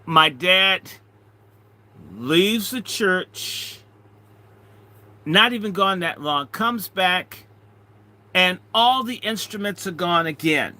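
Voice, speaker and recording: A middle-aged man, a minister, telling a story in an animated way, swinging between loud and hushed. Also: sits high, takes it slowly, long pauses. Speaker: minister and speaker. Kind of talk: storytelling talk.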